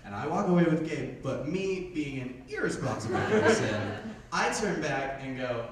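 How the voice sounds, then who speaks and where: A man's voice: on the high side, moderate pace, very noisy. Young man doing stand-up in an echoey theater. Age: young adult. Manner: deadpan storytelling, acts out the voices in his anecdotes. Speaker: stand-up comedian. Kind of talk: stand-up comedy set. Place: small theater with a live audience. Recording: distant, echoey room, loud audience laughter. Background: audience laughter.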